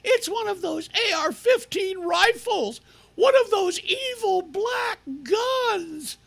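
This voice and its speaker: A man voicing a hysterical, panicky parent in a shrill, frantic voice. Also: expressive, takes it slowly, gravelly, fairly bright tone, exaggerated voice. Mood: panicked. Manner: shrieking, frantic.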